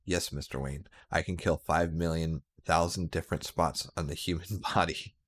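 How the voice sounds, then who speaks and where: A man voicing an adult male cyborg police officer, flat and mechanical. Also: low-pitched, normal speed, breathy edge, no echo. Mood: deadpan.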